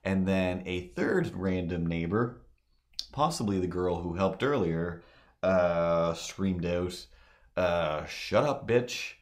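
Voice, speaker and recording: Slow-talking deep-voiced man rambling. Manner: meandering, filler-heavy storytelling. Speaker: live-stream artist. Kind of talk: rambling live-stream chat.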